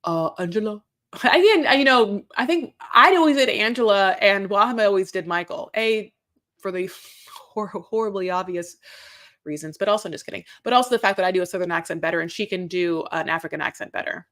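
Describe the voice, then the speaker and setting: A woman's voice: medium pitch, fairly quick, a bit bright. A woman host chatting casually as she recaps reality TV. She rambles, talks in circles and swears.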